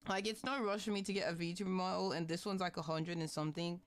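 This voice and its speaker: A woman's voice: on the low side, fairly even intonation, fast. A young adult woman VTuber streamer chatting casually with her viewers, ranting animatedly and swearing often. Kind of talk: casual livestream chat.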